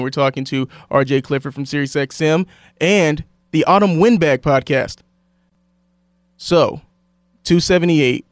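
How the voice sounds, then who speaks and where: Male sports radio host, slightly high voice, chatty long questions, dry studio sound. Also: smooth, no room sound. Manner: conversational, long lead-in questions. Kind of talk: interviewing a guest.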